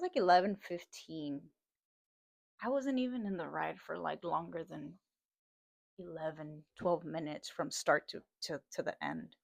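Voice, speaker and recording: A woman's voice: lowish voice, vocal fry, no room sound. A young woman telling a story in a heated, casual rant, swearing a lot and laughing between lines. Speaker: host.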